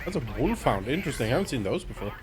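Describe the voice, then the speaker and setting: A man's voice: medium pitch, very animated, rapid-fire. A man chatting casually with friends while playing a game on stream, laughing often. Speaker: gamer on a live stream. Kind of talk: casual co-op gaming chat. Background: game music.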